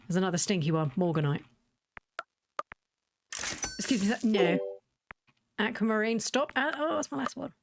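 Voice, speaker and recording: A woman giving casual, rambling commentary while playing a video game, chatty and quick to laugh. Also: on the high side, expressive, a little hiss or hum. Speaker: game streamer.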